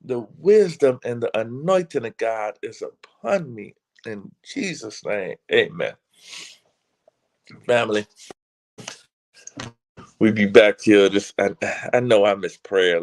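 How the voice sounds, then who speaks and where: A man's voice: lowish voice, animated, takes it slowly, pauses often. A man giving a passionate, casual talk as a motivational speaker, emphatic and preacher-like, often stumbling and repeating words as he builds momentum. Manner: casual, slangy delivery.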